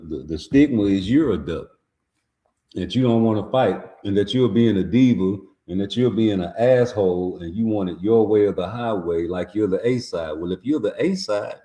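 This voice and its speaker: Man, low voice, heated, profane, casual boxing commentary. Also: darkish tone.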